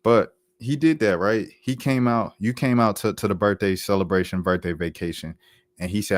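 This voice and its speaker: Deep-voiced man, casual commentary. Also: normal speed, no echo. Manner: animated, repetitive, conversational. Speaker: commentary channel host.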